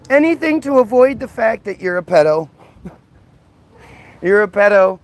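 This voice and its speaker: Fast, combative high-pitched man ranting. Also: big pitch swings. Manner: combative and mocking. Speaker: live streamer. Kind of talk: livestream rant, reading out and answering chat.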